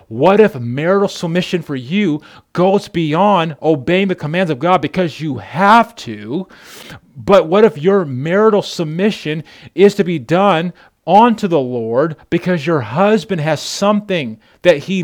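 A man's voice: fairly high pitch, expressive, a little slow. A man preaching a sermon who speaks emphatically and calls out directly to his congregation. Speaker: pastor.

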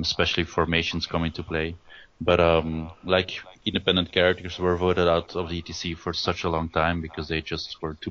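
Man, very low voice, monotone, hesitant with fillers, dull lo-fi recording. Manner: hesitant, many restarts and fillers. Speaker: guest, tournament rules writer. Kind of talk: casual interview over a call. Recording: dull lo-fi audio.

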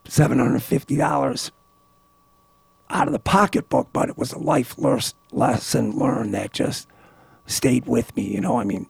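Gravelly, husky man around sixty; lively pitch, animated storyteller, dry close sound. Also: measured pace, dry recording. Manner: animated, laughing, many restarts. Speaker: guest, author. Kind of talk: casual storytelling.

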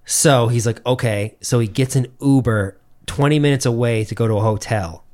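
A man's voice: mid-range voice, normal speed, a little mellow. Profane storytelling young man. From Massachusetts. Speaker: podcast co-host. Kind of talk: casual podcast chat.

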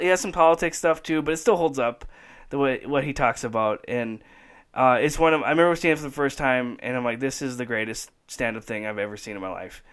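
A man co-hosting a casual chat, excited and laughing often, acting out bits in high voices. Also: clean tone. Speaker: podcast co-host.

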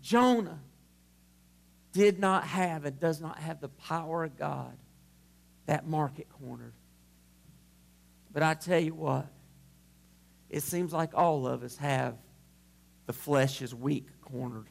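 A male pastor preaching a sermon to his congregation at a church service, impassioned and swelling to shouts. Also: fairly high pitch, slow, gravelly, long pauses.

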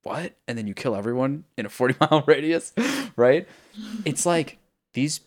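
At a moderate pace and medium pitch, a man co-hosting a podcast chats casually about a video game. He retells a story from it in a meandering, profane style, heavy on fillers.

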